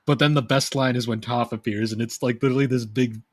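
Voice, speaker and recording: A young man co-hosting a podcast, telling stories in a rambling, animated way. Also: medium pitch, fast talker, no echo. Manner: rambling, animated storytelling with laughs. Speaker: podcast co-host. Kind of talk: casual chat.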